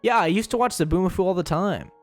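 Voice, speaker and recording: A man's voice: high-pitched, fast, no room sound, faint music behind. Rambling young man streaming. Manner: rambling, joking, stumbles and repeats words. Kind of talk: casual chat.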